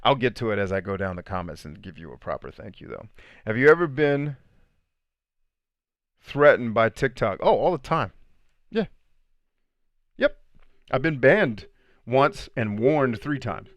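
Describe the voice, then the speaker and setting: A man's voice: mid-range voice, expressive, measured pace, pauses often, dry recording, muffled recording. A man hosting a live podcast stream, reading comments and giving blunt, preachy opinions. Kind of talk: livestream chat.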